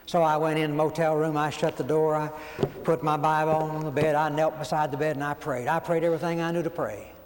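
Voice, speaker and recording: A man, preaching a sermon as folksy, animated storytelling and acting out quoted voices. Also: fairly high pitch, brisk. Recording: long hall reverb, faint background noise.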